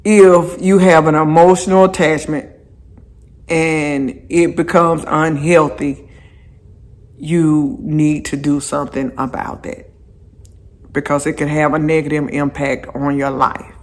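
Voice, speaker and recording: Slow-talking vlogger, repeats phrases. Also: mid-range voice, flat delivery. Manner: repeats phrases for emphasis, chatty asides to viewers. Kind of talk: casual walking vlog talk. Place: outdoors on a walk.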